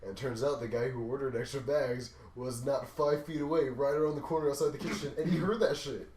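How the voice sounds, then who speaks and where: A young man casually telling long, profane work stories on a podcast, acting out the quotes loudly. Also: mid-range voice, a little fast. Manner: profane, animated storyteller who acts out quotes loudly. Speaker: podcast co-host. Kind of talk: casual storytelling chat. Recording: echoey room.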